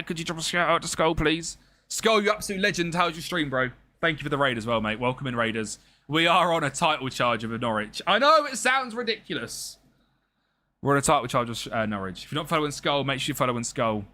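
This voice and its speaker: A young man streams a football management game, joking and chatting casually with his viewers and talking to the chat and the game's players as he plays. His voice is medium-pitched, pushed and bright.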